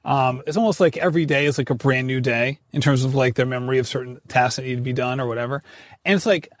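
A man's voice: medium pitch, quick pace, no room sound. A man around forty hosting a podcast, talking candidly in a rambling way, full of "like" and wry laughs. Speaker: podcast host and runner. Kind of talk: candid casual conversation.

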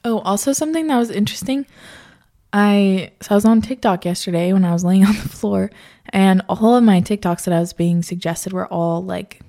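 A young woman hosts a podcast solo, chatting casually at a brisk pace in a medium-pitched voice with a dark tone. She swears freely and laughs often.

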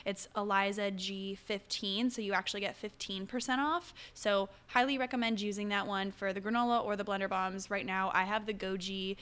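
A woman's voice: mid-range voice, fairly even intonation, brisk, few pauses, fairly bright tone, smooth. A young adult woman hosting a casual solo podcast, chatty and upbeat with rambling asides. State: hiccuping. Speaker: podcast host.

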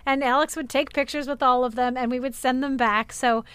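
A woman from Arizona co-hosting a podcast, recapping game show episodes in upbeat, animated casual chat. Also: high voice, a little fast, clean tone, no echo. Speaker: podcast co-host.

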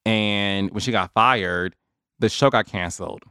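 A man's voice: lowish voice, unhurried, clean tone, no echo, clean studio sound. A man hosting his own podcast, talking casually and animatedly straight to his listeners. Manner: chatty, animated, addresses listeners as y'all. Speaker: podcast host. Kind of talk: casual solo commentary.

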